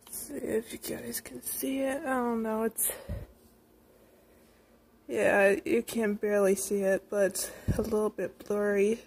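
Young woman, 19, high voice, slow drawn-out talk, giddy and rambling, home vlog on a phone. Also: vocal fry, slightly rough. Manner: giddy, rambling, breathless excitement. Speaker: vlogger. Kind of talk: casual birthday vlog. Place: at home at night by a TV.

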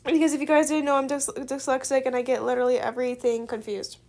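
A woman's voice: high-pitched, level tone, quick pace, darkish tone. A young woman student making a gaming video, chatting with gushing, effusive gratitude and frequent giggles. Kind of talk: excited gameplay commentary.

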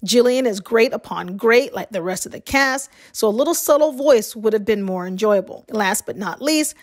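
A woman from the American South with a light Southern accent, reading a film review in a measured, scripted way. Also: fairly high pitch, animated. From Southern United States.

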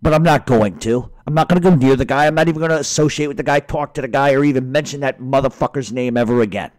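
A man's voice: mid-range voice, quick pace, a little mellow, no room sound, poor audio. A middle-aged man hosting a radio show, ranting in a heated, profane, rambling monologue. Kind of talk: angry monologue rant.

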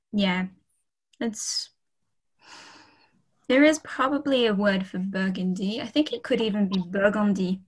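Over a video call with poor audio, a woman teaches a beginners' French lesson in a casual, friendly manner, saying lots of ums and okays. Her voice is mid-range and fairly bright.

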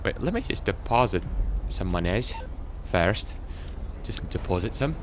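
A teenage boy giving rambling, excitable commentary while playing a video game. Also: sits low, a little slow, slight background noise. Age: teens. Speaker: gaming channel host. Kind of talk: gameplay commentary.

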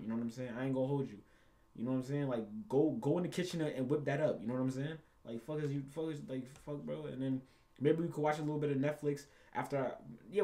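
Warm and mid-range, this young man's voice carries casual game commentary for YouTube. He wanders off-topic, swears constantly, repeats lines, and chuckles at his own crude jokes.

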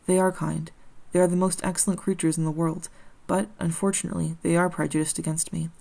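Woman reading as a gentle, lonely creature. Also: lowish voice, little pitch movement, brisk, gravelly. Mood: earnest. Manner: earnest, formal old-fashioned speech. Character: gentle pleading male creature, lonely and hopeful.

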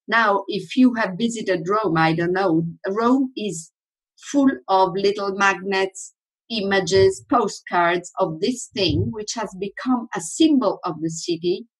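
A woman's voice: medium pitch, slightly rough, rough recording. A woman giving a workshop lecture in English, her first language Italian, who often asks the audience questions and then answers them.

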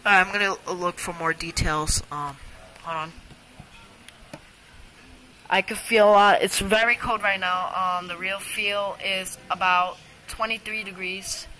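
Excitable amateur weather vlogger, woman; unhurried, filler-heavy, outdoors. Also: mid-range voice, a little hiss or hum, rough recording. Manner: rambling, excitable, halting with many fillers. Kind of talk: casual storm vlog. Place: outdoors during a storm.

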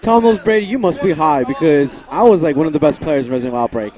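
A man's voice: on the high side, animated, quick pace, highs cut off. A man commentating a fighting game match with teasing, playful banter. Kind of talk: casual esports commentary.

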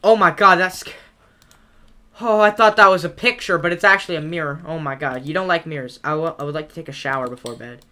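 Bright-voiced horror game player, joking. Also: medium pitch, fast. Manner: joking, reads in-game text aloud and talks back to it; yells playfully in tense moments. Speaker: gaming video creator. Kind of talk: playing and narrating a horror game.

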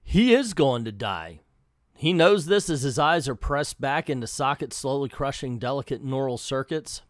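A man's voice: mid-range voice, animated, moderate pace, dry recording, clean studio sound. A man hosting a casual comic book recap with offhand, wry commentary. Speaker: comics video host.

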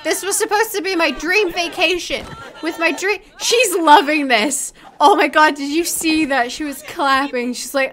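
A woman's voice: high voice, moderate pace, a bit bright, slight background noise. A woman hosting a let's play, giving profane, reactive gameplay commentary and talking back to the characters on screen.

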